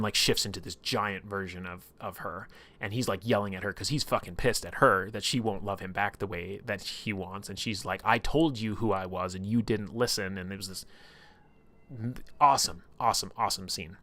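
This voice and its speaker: A man's voice: low voice, bright, forceful tone. A man casually retelling a story on a livestream, rambling and swearing often.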